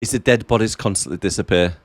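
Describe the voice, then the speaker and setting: A man's voice: fairly low pitch, fast talker, no echo. A man co-hosting a movie podcast, chatting casually with wry asides. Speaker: podcast co-host. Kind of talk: casual movie-roast chat.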